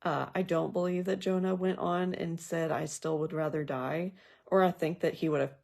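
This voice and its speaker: A woman's voice: low-pitched, steady tone, normal speed, creaky, darkish tone. A woman leading a casual Bible study. She reads scripture aloud and then talks through it in a thoughtful, conversational way with personal asides. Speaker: Bible journaling teacher.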